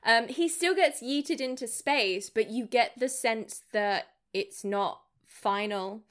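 A woman co-hosting a casual film discussion, lively, acting out characters' lines in funny voices. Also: fairly high pitch, slow pace.

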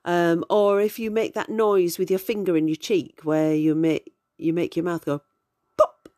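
A woman's voice: on the low side, fairly even intonation, moderate pace, mellow, no room sound. A middle-aged woman hosting a podcast, telling her own stories in a chatty, digressive way. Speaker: podcast host. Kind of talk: casual storytelling monologue.

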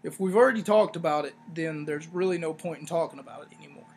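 A man hosting a wrestling review podcast, talking casually in a rambling, sarcastic way with animated asides. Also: fairly high pitch, fast, slight background noise. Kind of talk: casual solo review talk.

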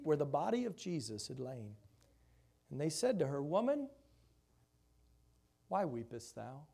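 This preacher's voice is a little high. He reads scripture aloud and expounds on it with rhetorical questions, his volume swelling for emphasis and sinking to softness.

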